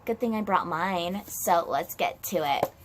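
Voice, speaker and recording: A woman's voice: on the low side, measured pace, noisy background, natural voice. A woman voicing a sassy, reluctant schoolgirl student in a comedy skit, dramatic and valley-girl in manner. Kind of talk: comedy skit role-play.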